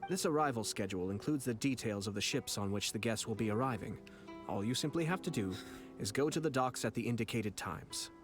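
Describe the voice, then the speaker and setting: An actor playing a courteous young nobleman commissioner in a game, speaking in a formal, measured way. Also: lowish voice, animated, over music, natural voice. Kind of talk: video game voice acting.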